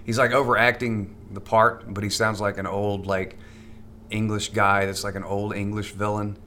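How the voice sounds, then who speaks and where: A man's voice: fairly low pitch, level tone, normal speed, bright, forceful tone, slight background noise. Male comedian guest, casual and rambling, repeats words as he talks. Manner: stammering restarts, rambling. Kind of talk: casual podcast chat.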